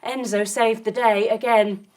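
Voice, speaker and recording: Woman instructor, high and unhurried, playful storytelling for kids' yoga. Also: little pitch movement. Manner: gentle, playful, guiding movements. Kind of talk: storytelling yoga lesson for children.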